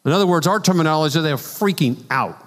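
A man's voice: fairly high pitch, quick pace. A man preaching a conversational sermon as a pastor, telling stories with casual asides. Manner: animated storytelling with asides and laughs. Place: church sanctuary. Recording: long church hall reverb.

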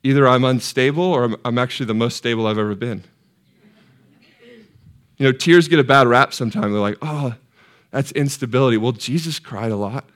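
A man preaching a sermon in a church, putting questions to the congregation and swinging from hushed, tender lines to loud, soaring peaks. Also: mid-range voice, brisk. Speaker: pastor. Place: church sanctuary.

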